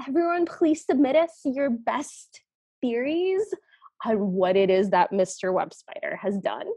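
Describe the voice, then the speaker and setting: A woman co-hosting a podcast, retelling a cartoon in vivid, deadpan detail. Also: a little high, a little slow, dry recording. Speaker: podcast co-host. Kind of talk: casual recap chat.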